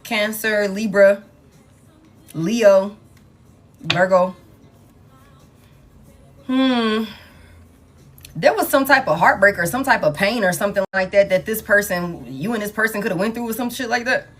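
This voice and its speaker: With a mid-range voice, she reads tarot live for a collective audience, a little slowly and with long pauses while faint music plays. Her manner is blunt and exasperated, full of swearing and repeated phrases for emphasis.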